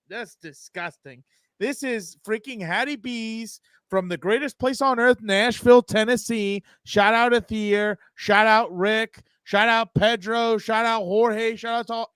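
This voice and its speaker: A man co-hosting a casual sports podcast over a video call, loud, profane and fired up. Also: high voice, moderate pace, smooth, no room sound, clean studio sound. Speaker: podcast co-host.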